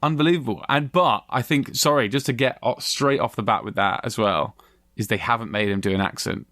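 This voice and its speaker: A man co-hosts a film review podcast in a chatty, animated way, dropping the odd swear word. His voice sits at an ordinary pitch and sounds dry and close to the mic. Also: fairly quick, dry recording. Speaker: podcast co-host. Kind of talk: casual film review chat.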